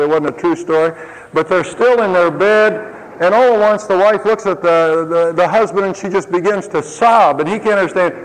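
A man preaching a sermon, swinging between emphatic rises and quiet low asides, with humorous stories for the congregation. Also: in a large hall, rough recording. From lived in Ohio. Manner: tells humorous anecdotes to the congregation.

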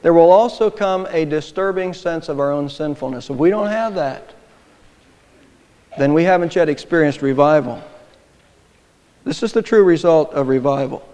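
High-voiced man preaching in a reverberant hall. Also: moderate pace, long pauses, a little mellow. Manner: emphatic preaching that swells in volume on key phrases. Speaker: pastor. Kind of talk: sermon.

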